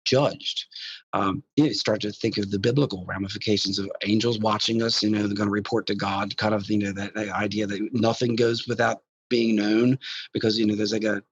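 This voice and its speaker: A man's voice: fairly low pitch, little pitch movement, fairly quick, husky, no room sound, highs cut off. A man telling his experiences in a casual interview, rambling with many restarts and repeated words. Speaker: guest describing contact experiences.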